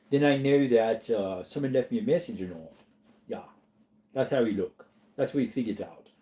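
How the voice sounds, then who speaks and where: A weary middle-aged man from Arizona, chatting with his livestream viewers late in the evening. His voice is mellow and dark, and his pitch rises and falls a lot as he drawls through his answers. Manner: drawling and tired, slips into joke voices. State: tired. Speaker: livestream host reading chat. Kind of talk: casual livestream chat.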